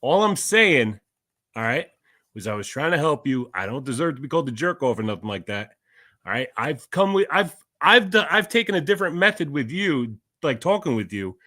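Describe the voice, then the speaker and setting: A man's voice: fairly high pitch, big pitch swings, fairly quick, bright, forceful tone, no echo, studio quality. A middle-aged man talking sternly in heated casual chat, lecturing and pressing for agreement. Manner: stern, lecturing, repeats "okay?".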